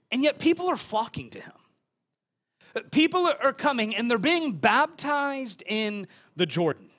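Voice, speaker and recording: A young male pastor with a notably high, fairly bright voice delivers a sermon, talking through the scripture loosely and conversationally. Along the way he often restarts and repeats words.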